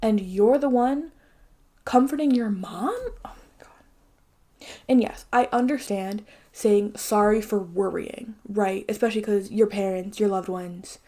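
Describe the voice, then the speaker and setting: A woman's voice: medium pitch, unhurried, mellow. A young woman giving a casual, ranting video commentary, swearing freely and dropping into sudden whispers. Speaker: video essayist.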